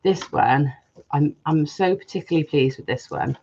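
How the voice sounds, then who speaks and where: A woman's voice: sits low, lively intonation, normal speed, creaky, a little mellow, breathy edge, muffled recording. A woman hosting a live jewellery-making stream, chatting casually and reading viewer comments aloud.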